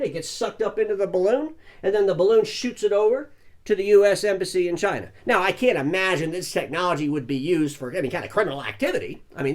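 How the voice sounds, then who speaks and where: An older man delivers a satirical news monologue with folksy, mock-earnest asides. His voice sits a little high for a man and swings widely up and down as he talks.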